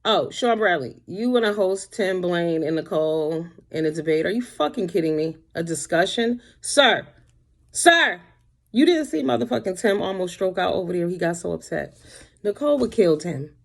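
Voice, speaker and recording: A woman speaks in a rough, gravelly tone, pitched slightly low. She rants bluntly and sassily to camera from her home, with profanity running all through her commentary. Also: lively intonation, moderate pace. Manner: blunt, sassy, heavy cursing. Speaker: commentary vlogger.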